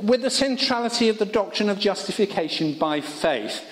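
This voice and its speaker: Male preacher with a high, animated voice and a chatty, wry sermon delivery, recorded in a reverberant worship hall. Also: normal speed. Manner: conversational with humorous asides.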